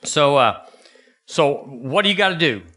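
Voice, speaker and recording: A male pastor preaching in a folksy, animated way. His voice is bright and forceful, sitting a little high for a man. He leaps upward for emphasis and drops low to drive a point home. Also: a little slow. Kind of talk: sermon.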